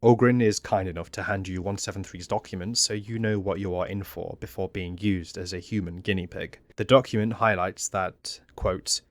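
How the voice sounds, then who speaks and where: A man narrating a scripted game commentary in a measured, explanatory way. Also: low-pitched, steady tone, no echo. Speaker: video essay narrator.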